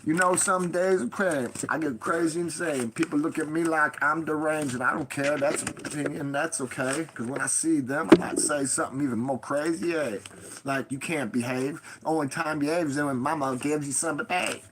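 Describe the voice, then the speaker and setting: A woman telling a story in a casual vlog, swearing freely and jumping high in pitch for quoted voices. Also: brisk, heavy background noise. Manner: profane, animated, swings pitch for quoted voices.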